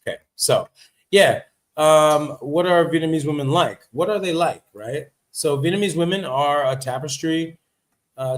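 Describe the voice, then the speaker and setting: Chatty American-style male livestream host. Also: fairly high pitch. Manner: chatty and emphatic, repeats points, reads and comments on notes. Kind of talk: casual livestream monologue. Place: living in Vietnam.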